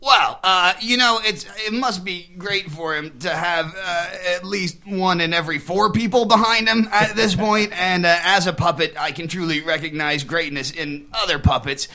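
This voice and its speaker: Bawdy puppet showman, voiced by a man: gravelly, bright and a little high, all crude puns. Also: normal speed, few pauses, slight background noise. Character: crude wisecracking male puppet, middle-aged. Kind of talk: puppet comedy interview.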